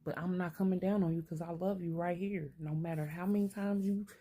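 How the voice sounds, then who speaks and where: Low-voiced grandma vlogging, blunt and cussing, talking to herself out loud. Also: female voice, fairly even intonation, a little fast. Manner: blunt, streetwise, talks to herself aloud; swears freely. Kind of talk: candid self-reflective monologue.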